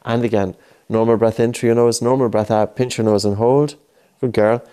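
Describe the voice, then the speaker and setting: A man's voice: mid-range voice, fairly even intonation, normal speed, warm tone, smooth. A man coaching a child through breathing exercises, patient and coaxing, repeating his cues. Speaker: breathing instructor. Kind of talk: guided breathing lesson with a child.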